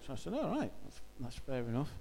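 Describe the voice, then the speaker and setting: A man's voice: medium pitch, wildly swooping pitch, fast, vocal fry, mellow, in a large hall, a little hiss or hum. A man giving an informal church talk, speaking conversationally and hesitantly with many fillers.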